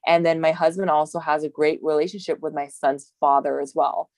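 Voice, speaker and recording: Woman, low pitch, dry recording, chatty, rambling, laughs often, tired. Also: fairly even intonation, fairly quick, darkish tone, no room sound. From Hawaii. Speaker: guest, bodybuilding competitor. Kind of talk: casual interview talk.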